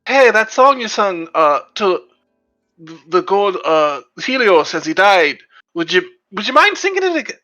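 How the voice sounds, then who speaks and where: A friendly, hesitant character speaks in a high, put-on Irish lilt, voiced by a man. The tone is bright and light. It belongs to a tabletop role-playing game. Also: big pitch swings, unhurried, lo-fi sound, soft background music, full character voice.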